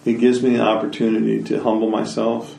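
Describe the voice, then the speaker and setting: Gravelly low man from Cherokee country, storyteller, halting, roomy far-off mic. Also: monotone, dark tone. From Cherokee country, United States. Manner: reflective, halting, with restarts. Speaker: storyteller, interviewee. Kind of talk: interview and oral storytelling. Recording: roomy, from a distance.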